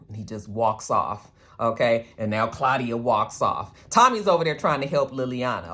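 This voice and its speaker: A woman's voice: very deep voice, animated, moderate pace, fairly bright tone. A woman in a casual recap vlog, chatty and blunt, swearing freely and acting out characters' lines. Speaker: TV recap vlogger.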